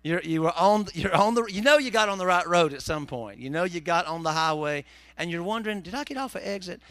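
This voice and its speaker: A pastor preaches a sermon in a fairly quick, high-leaning voice that is fairly bright, clear and resonant. He is a folksy, joking storyteller with southern turns of phrase, and the recording is dry.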